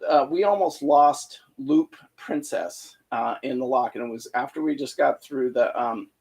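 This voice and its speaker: A man's voice: mid-range voice, measured pace, creaky, a little mellow, slightly rough. A middle-aged man casually telling a boating story on a live stream, rambling with many fillers and restarts. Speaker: boating vlogger.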